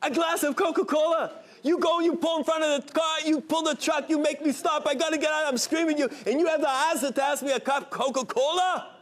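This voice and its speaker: A man voicing a hot-tempered male truck driver who yells and rants in a told story. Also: very high-pitched, fairly even intonation, a little fast, few pauses, pitched above the performer's own voice. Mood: furious. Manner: yelling, ranting.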